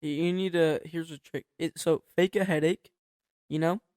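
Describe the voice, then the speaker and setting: A young man co-hosting a podcast in a laid-back way, tossing in short replies and dry jokes. His voice is a little high and smooth, with a flat delivery, recorded dry and close. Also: moderate pace, dry recording. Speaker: podcast co-host. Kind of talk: casual chat.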